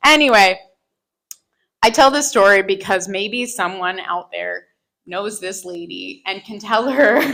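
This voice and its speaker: A woman telling a self-mocking personal story live on stage into a microphone, animated and often laughing through her lines. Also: a little high, poor audio. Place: live stage before an audience.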